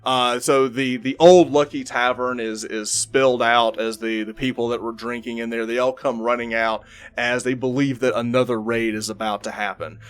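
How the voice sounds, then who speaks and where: A man's voice: medium pitch, level tone, moderate pace, smooth. Rambling male game master. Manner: rambling, many fillers and restarts. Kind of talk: narrating a tabletop game.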